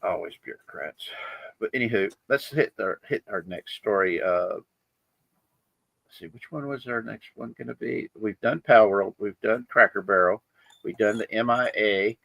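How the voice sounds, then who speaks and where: A man's voice: lowish voice, moderate pace, gravelly, no echo, dull audio. A man hosting a casual livestream chat, rambling with many fillers and chuckles. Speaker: livestream host.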